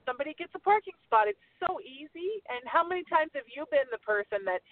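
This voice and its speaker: A woman co-host chats in a lively way, her pitch rising and falling a lot. The sound is dry and thin, like a phone line. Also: quick pace. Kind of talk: casual radio chat. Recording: phone-like narrow band.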